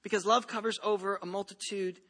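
A man's voice: sits high, level tone, fairly quick, bright, forceful tone, in a large hall. A man preaching a sermon in a casual, conversational way, full of asides and repeated phrases. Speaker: pastor. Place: church hall.

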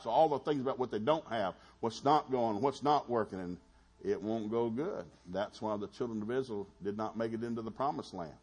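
A man preaching a sermon in a folksy, animated storytelling manner, with quick asides to the congregation. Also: medium pitch, husky.

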